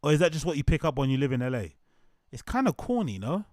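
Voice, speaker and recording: A man's voice: on the high side, sing-song, quick pace, a little mellow, dry recording, clean studio sound. A man hosting a reaction stream, chatting casually and jokingly, swearing often and repeating himself. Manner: joking, profane, repeats phrases. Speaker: host reacting to videos.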